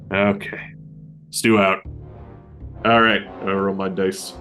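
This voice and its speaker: Faint music plays behind a man with a low, bright, forceful voice who speaks slowly and flatly with long pauses. A podcast host playing a tabletop survival game with a friend, he journals his character's days in character, laughing often, swearing, trailing off, and repeating himself.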